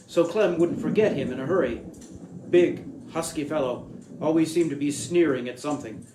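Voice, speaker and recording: A man reading a short story aloud as storyteller, in a measured, deliberate way. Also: a little high. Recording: echoey room with faint hiss.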